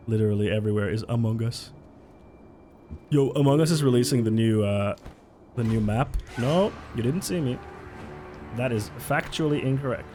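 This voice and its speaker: A man streams a video game and reads chat, chatting casually, swearing often and reacting to viewers as he comments on the gameplay. His mid-range voice is a little mellow at a moderate pace, with faint music behind.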